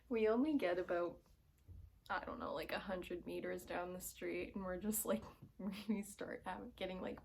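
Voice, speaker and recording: Speaking in a lowish, creaky voice, a young vlogger rambles casually through a story at home, filling it with "like" and "um" and occasionally whispering. The camera is aimed at her face, and there's a little hiss or hum.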